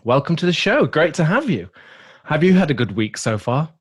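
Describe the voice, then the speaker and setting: Man, podcast host, casual chat, animated intonation, laughs a lot. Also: a little high, normal speed, breathy edge. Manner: playful, self-deprecating, laughs often.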